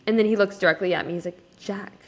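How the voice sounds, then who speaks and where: Talking in rapid-fire bursts at a medium pitch, this twenty-something podcast co-host spins a story loaded with "like." She lifts her voice when quoting other people.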